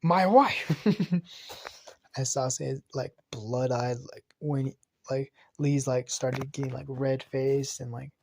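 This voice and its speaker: Rambling gravelly man retelling fan fiction. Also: medium pitch, a little slow, dry recording. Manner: rambling, excitable, swears, many restarts and fillers. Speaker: storyteller.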